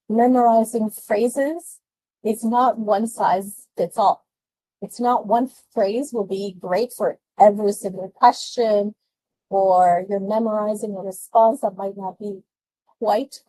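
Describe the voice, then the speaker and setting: A woman presenting speaking tips in an online webinar, lively and chatty, laughing often as she talks with her hands. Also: medium pitch, rough recording. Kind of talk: presenting test-prep tips to an online audience.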